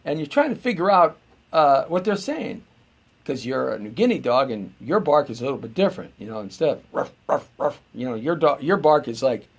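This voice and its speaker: A man's voice: medium pitch, big pitch swings, fairly quick, vocal fry, breathy edge. A middle-aged man hosting a live show, rambling and joking as he muses aloud to viewers. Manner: rambling and jokey, musing aloud.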